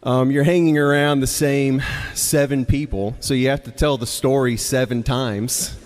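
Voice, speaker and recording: A young man from Mississippi tells a story in his Southern accent at a live storytelling night. He talks casually and laughs between lines. His mid-pitched voice carries a long reverb from the hall. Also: fairly even intonation, normal speed. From Mississippi, United States.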